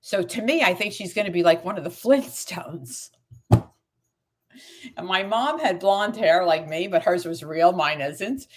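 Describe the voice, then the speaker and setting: A woman's voice: fairly low pitch, measured pace. A middle-aged woman, a tarot reader, chatting on a live stream and telling stories while she acts out the quoted lines. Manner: animated storytelling, acts out quoted dialogue. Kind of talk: live-stream chat with viewers.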